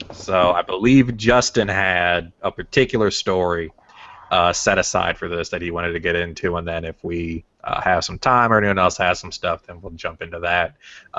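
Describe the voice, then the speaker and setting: A man's voice: deep voice, bright, forceful tone. A man hosting a casual podcast, steadily introducing the next segment. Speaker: podcast host. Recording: lo-fi online call audio.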